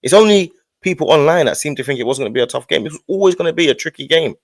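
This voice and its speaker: Insistent fast-talking man. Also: a little high, expressive, no room sound. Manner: insistent, repeats his point, interrupts. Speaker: football podcast host. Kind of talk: heated football debate.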